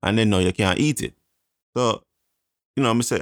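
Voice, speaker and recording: A Jamaican man with a Jamaican accent, chatting casually and telling animated stories, slipping into patois. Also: on the low side, moderate pace, no echo, studio quality. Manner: animated storytelling, slips into patois. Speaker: co-host. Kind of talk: casual chat.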